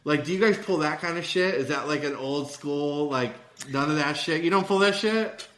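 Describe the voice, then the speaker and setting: A man in his thirties with a bright, forceful voice, chatting casually and swearing freely. He rambles from story to story and laughs often. His voice sits in a roomy, echoing space. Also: a little high, moderate pace. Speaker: podcast co-host.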